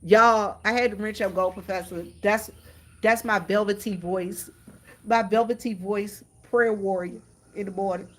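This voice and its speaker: A woman's voice: mid-range voice, fairly even intonation, measured pace. A woman chatting casually to her viewers on a phone stream from the countryside, repeating herself and calling out "y'all" again and again. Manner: chatty, repetitive, keeps addressing viewers as y'all. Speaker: vlogger. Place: outdoors in the countryside near horses.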